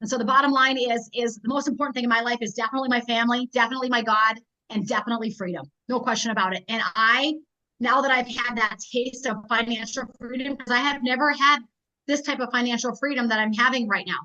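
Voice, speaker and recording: A middle-aged woman giving an energetic, rallying business training talk as a network marketing team leader, telling stories quickly. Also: fairly high pitch. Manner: energetic, rallying, rapid storytelling. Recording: dull lo-fi recording.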